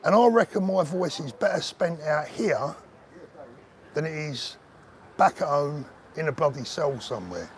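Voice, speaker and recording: Older guy live streaming outside, earnest chatty host, slightly high voice, faint traffic noise behind. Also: animated, measured pace. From England. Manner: earnest, emotional, talking straight to viewers as mate. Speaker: livestream host. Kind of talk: live-stream chat reading viewer comments. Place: outdoors on a town street.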